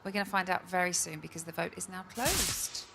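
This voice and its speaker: A woman's voice: on the low side, brisk, gravelly. A woman hosting a live TV show, upbeat and playful as she presents. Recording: live studio with audience noise. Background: studio crowd.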